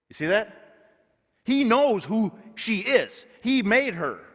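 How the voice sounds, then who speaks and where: A man preaching a sermon as a pastor, telling a personal story and building to loud, emphatic points. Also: high-pitched, very animated, a little slow. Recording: long reverb of a large hall.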